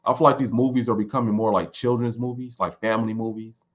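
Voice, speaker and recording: A man in his thirties in casual chat, answering viewer questions in a relaxed, rambling way and repeating words as he thinks. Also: on the low side, fast talker. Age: 30s. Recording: dull lo-fi recording.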